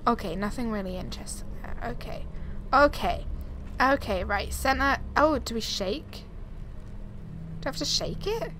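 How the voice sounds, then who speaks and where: A woman's voice: fairly high pitch, normal speed. A young woman commenting on a horror game, talking to herself with jumpy, frightened exclamations into a desk microphone at home. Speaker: gaming YouTuber. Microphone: desk USB microphone. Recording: steady background noise.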